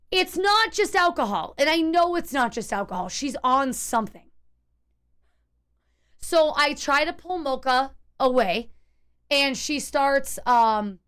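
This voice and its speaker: High-pitched woman streamer rambling thru a story to chat, lots of like and restarts. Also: clean tone. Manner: animated, tense retelling with many restarts and "like".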